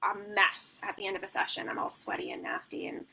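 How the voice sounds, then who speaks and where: A woman's voice: extremely low pitch, animated, fast talker, gravelly, sharp tone, slightly rough, poor audio. A woman newborn photographer answering questions in a live online Q&A, rambling and chatty with plenty of "like" and "um". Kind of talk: live Q&A teaching.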